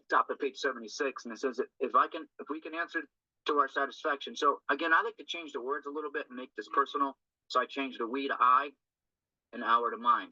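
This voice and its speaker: A man's voice: medium pitch, pushed and bright, no room sound. A man talking earnestly and loosely through a recovery text, often checking in with a tag question. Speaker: recovery group speaker. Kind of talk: informal talk on a recovery text. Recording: dull lo-fi dry recording.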